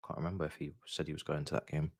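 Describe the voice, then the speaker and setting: A man's voice: rumbling low, flat delivery, rapid-fire, breathy edge, dry recording, clean studio sound. A man streaming a live watch-along, chatty and slangy, with casual commentary on the match. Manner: chatty, slangy, groans and repeats "no" when annoyed.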